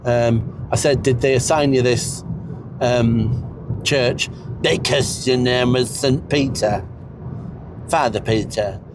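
A man in a comedic character chat, rambling in a deadpan way with snobbish asides. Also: medium pitch, slow pace, noisy background.

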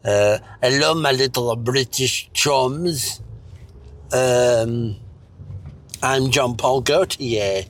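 A man's voice: mid-range voice, a little hiss or hum, lightly acted. A man voicing a sleepy, mumbling man who fakes a clumsy French accent, full of hesitations. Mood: droning. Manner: slow and mumbling, with many hesitations.

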